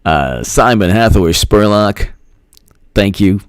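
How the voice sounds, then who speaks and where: Man, livestream host, joking, slow pace, lively pitch. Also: clear, resonant tone, no room sound. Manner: jokey, laughs at his own jokes, thanks viewers by name. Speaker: political commentator host. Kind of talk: casual livestream commentary.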